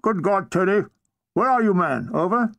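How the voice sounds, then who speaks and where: A man doing a high, flustered army officer on the radio. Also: expressive, normal speed, vocal fry, fairly bright tone, muffled recording, exaggerated voice. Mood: exasperated. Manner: exasperated, clipped radio-speak.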